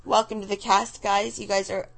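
A woman's voice: medium pitch, little pitch movement, moderate pace, creaky, poor audio. Rambling, laughing woman in her thirties. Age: 30s. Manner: rambling, chatty, often laughing; loses her train of thought. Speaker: director giving commentary. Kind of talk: casual live commentary.

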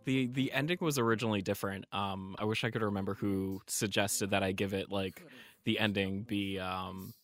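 A man's voice: on the low side, fairly even intonation, moderate pace, fairly bright tone, soft background music. A man who wrote the audio drama, chatting casually and reflectively in commentary, easygoing and full of "like" fillers.

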